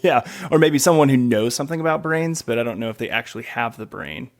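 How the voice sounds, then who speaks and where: Gravelly thirtysomething man, slight Southern twang. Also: mid-range voice, expressive, quick pace. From South Carolina, USA. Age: 30s. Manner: laughs easily, self-deprecating joking. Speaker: podcast guest. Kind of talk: casual interview chat.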